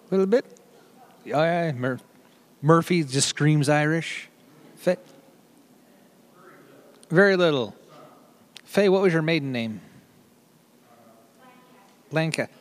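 A middle-aged man giving a casual sermon, talking in a chatty, joking way with quick asides. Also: fairly high pitch, expressive. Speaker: preacher.

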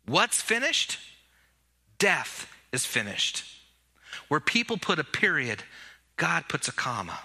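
A man preaching an Easter sermon with animated emphasis, leading the congregation in call-and-response while his voice is giving out. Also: on the high side, takes it slowly, long pauses. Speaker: pastor.

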